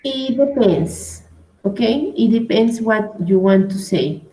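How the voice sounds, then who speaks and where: A woman's voice: a little high, expressive, slow, warm tone. Patient woman teacher in an echoey room. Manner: patient, explains step by step with frequent "right?" and "okay?". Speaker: English teacher. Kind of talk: online class explanation. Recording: echoey room, faint noise.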